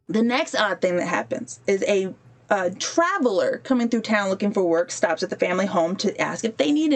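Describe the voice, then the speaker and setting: A woman hosting a podcast, telling a story casually while she plays a game on a livestream. She wanders off-topic to fix her stream and briefly acts out the people she quotes. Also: mid-range voice. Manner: chatty, digressive, breaks off to fix her stream. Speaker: podcast host.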